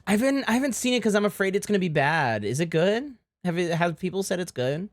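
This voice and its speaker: A man's voice: high voice, animated, fast talker, dry recording, clean studio sound. A man streaming live, joking crudely and reacting to clips with chat.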